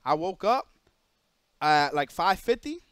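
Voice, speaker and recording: A male streamer telling an animated story to his chat, emphatic and repetitive. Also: fairly high pitch, slow pace, clear, resonant tone, dry recording. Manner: emphatic, repeats phrases, drops into quoted voices of others.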